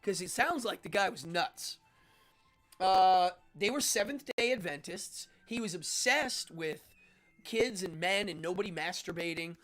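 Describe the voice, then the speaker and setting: A man hosting a casual livestream, rambling and excitable, laughing often and reacting out loud to chat messages. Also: high voice. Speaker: host.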